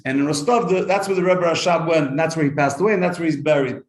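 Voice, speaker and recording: A man, a rabbi, teaching a lively Torah class to a live group, telling stories, asking rhetorical questions and translating Hebrew quotes as he goes. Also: fairly high pitch, quick pace, echoey room.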